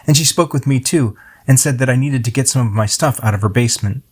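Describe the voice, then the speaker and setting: A man's voice: mid-range voice, slightly rough. Reflective middle-aged man reading his poem. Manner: reflective, unhurried storytelling. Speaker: poet.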